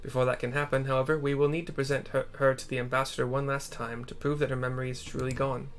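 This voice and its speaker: A steady, solemn young lord gives his orders in formal, old-fashioned speech, read aloud by a man playing through a game. The voice stays close to an everyday man's middle pitch rather than a big character voice. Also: quick pace, lightly acted. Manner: solemn, formal archaic phrasing. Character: Hien, a steady young male lord and leader. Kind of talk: reading game dialogue aloud.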